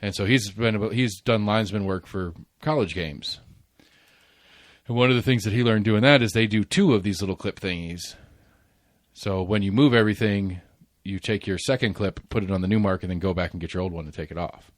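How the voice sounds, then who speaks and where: A man in his forties hosts a casual podcast chat, rambling through stories with restarts and laughter. His voice is lowish, his pace brisk, and the recording dry.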